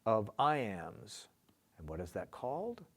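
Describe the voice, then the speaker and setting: Lively male lyric teacher, sing-song rhythms. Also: fairly low pitch, slow. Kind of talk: recorded lesson on scansion.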